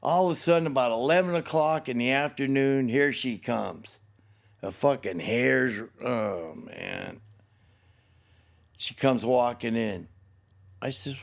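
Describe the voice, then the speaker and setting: An older man tells a long personal story to his son. His pitch is ordinary for a man, and his telling wanders and swears freely. He often slips into the voices of the people he describes. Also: very animated, unhurried, vocal fry. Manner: rambling, profane, emotional, acts out the people in his story. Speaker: guest, the host's father.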